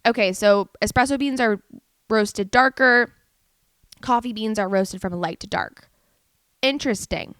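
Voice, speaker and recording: A woman's voice: fairly high pitch, measured pace, long pauses, a bit bright, clean tone, dry recording. A young American woman hosting a casual solo podcast, reading facts aloud with giggles and stumbling over words. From United States. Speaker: podcast host.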